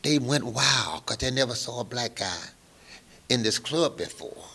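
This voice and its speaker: An older man telling a long story in an interview, animated and acting out the other people's lines. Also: mid-range voice, a little slow, gravelly, husky. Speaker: guest musician.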